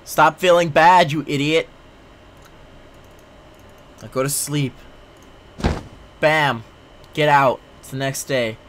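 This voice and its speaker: A man's voice: medium pitch, steady tone, slow, long pauses, fairly bright tone, slight background noise. A young man giving let's play commentary, sarcastic, exasperated and full of swearing. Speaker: gameplay commentator.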